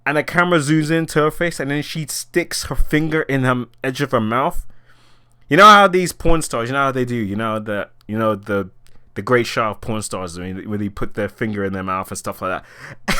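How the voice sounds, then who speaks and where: An exasperated vlogger rants about a film they just watched, swearing often and laughing in disbelief. The voice is bright and sharp with a smooth, clear ring. Their pitch leaps around with lively, animated swings as each complaint builds. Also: fairly quick. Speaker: movie reaction vlogger. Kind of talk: casual spoken movie rant.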